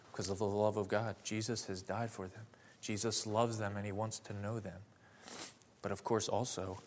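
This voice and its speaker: A man in his late twenties giving a personal testimony and sermon, earnest and heartfelt, rising to fervent emphasis. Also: lowish voice. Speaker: preacher.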